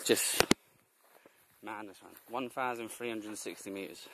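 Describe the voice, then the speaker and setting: In a very noisy clip, a young man on a bike tour speaks to the camera outdoors on a mountain road in a casual vlog. His voice is fairly low and measured in pace, and he rambles and laughs as he talks.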